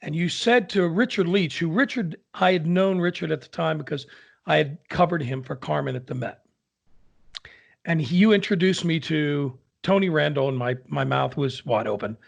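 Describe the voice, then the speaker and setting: A man, an opera singer, telling a lively anecdote in casual conversation and acting out the people in it. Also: a little high, moderate pace, vocal fry, lo-fi sound. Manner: animated storyteller, acts out quoted voices.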